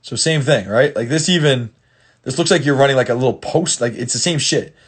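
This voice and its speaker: Breaking down film casually for his football-player clients, a man coaches bluntly and with plenty of profanity, often restarting and repeating words for emphasis. His medium-pitched voice is brisk and slightly rough.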